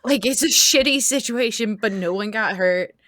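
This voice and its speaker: A young adult woman on a casual podcast, soft-spoken and laid-back, trailing off. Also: on the high side, normal speed, dry recording, studio quality.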